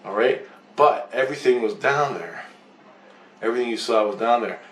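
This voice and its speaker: A man's voice: medium pitch, normal speed, fairly bright tone, recorded from a distance. Rambling, swearing man in an echoey room. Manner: profane, rambling storyteller who acts out both sides of the talk. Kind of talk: rambling casual monologue. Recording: roomy echo.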